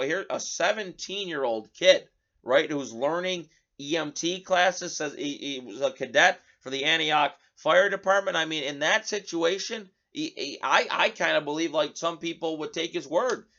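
A fairly high-voiced man hosts his own commentary show. He reads news reports aloud and keeps stopping to add sarcastic remarks. The recording sounds dull and lo-fi. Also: moderate pace, sharp tone. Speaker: host.

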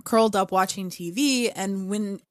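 Animated woman telling a ghost story. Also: medium pitch, moderate pace, no echo, clean studio sound. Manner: animated, lots of fillers, acts out her own reactions. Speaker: podcast co-host. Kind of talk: casual storytelling chat.

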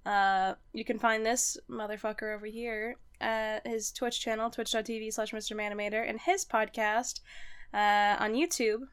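A woman hosting a casual podcast, playful and quick to laugh. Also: fairly high pitch, steady tone, clean tone. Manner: giggly, playful. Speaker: podcast host. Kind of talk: casual chat.

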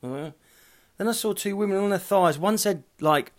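A man's voice: sits high, moderate pace. A middle-aged man hosting a solo podcast at home, rambling and sweary, hot, hungover and tired. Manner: rambling, sweary, self-mocking. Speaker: podcast host. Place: at home, walking through rooms.

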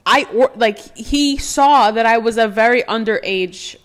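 A woman's voice: fairly high pitch, unhurried. A woman in her twenties co-hosting a podcast, telling a story casually and playfully, laughing and swearing now and then. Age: 20s. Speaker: podcast co-host.

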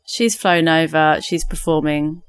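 A woman's voice: low-pitched, fairly even intonation, a little slow, smooth, dry recording. A woman co-hosting a comedy podcast, gleefully telling a silly prank story and laughing at her own jokes. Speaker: podcast co-host. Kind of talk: comic storytelling chat.

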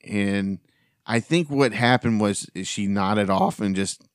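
A man's voice: lowish voice, takes it slowly, clear, resonant tone, no echo, studio quality. A man hosting a podcast, telling a rambling, casual story with frequent restarts and casual swearing. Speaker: podcast host.

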